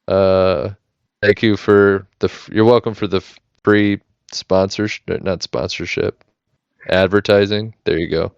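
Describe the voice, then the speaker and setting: Deep, smooth-voiced American man. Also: steady tone, a little slow, no room sound. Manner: rambling, self-correcting, joking. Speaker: podcast host keeping the notes. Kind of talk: casual chat. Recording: dull lo-fi mic, dry.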